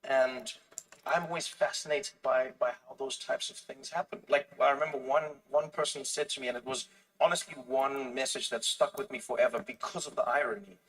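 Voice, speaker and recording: A man, a comedian being interviewed, telling stories in a lively way and acting out the voices of other people, often restarting his phrases. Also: mid-range voice, a little fast, distant mic, low-quality recording. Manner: animated storytelling, acts out other people's voices, frequent restarts. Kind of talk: casual conversation.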